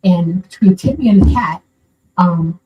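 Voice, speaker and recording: This older woman from Florida speaks in a lowish voice, a little slowly, over dull audio. She's called in to share a personal story in an earnest, rambling, casual manner, with a distant microphone and faint background noise.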